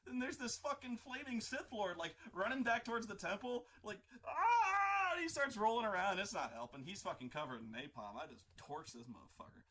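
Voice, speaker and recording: A man hosting an art livestream, casually telling a profane, animated tabletop game story in a stop-start way. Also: high voice, a little fast, hardly any pauses. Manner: animated, profane, full of restarts and acted-out voices. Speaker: artist livestream host.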